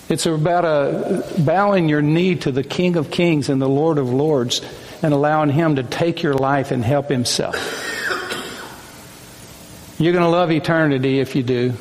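A man's voice: a little high, a little hiss or hum. Solemn male preacher in a reverberant hall. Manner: slow, solemn delivery with measured pauses. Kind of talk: sermon. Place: room with a group of men. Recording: long hall reverb, faint room ambience.

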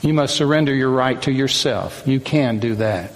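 A man preaching a sermon to a group of men, speaking in a slow, solemn way with measured pauses. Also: medium pitch. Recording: long hall reverb, faint room ambience.

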